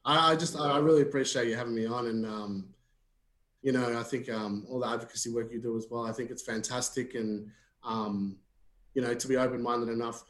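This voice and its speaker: A man's voice: medium pitch, fairly even intonation, fairly quick, fairly bright tone. An Australian man speaking earnestly as a podcast guest, with frequent fillers and restarts. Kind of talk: casual conversation. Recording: echoey room.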